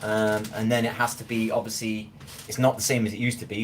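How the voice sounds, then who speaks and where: A man's voice: fairly low pitch, steady tone, fast talker, a little hiss or hum. A man with a Scottish accent chatting loosely on a live stream from his kitchen, rambling and often checking that he is understood. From Scotland. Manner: rambling, keeps asking "do you know what I mean". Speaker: livestreamer. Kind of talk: casual live-stream chat. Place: home kitchen.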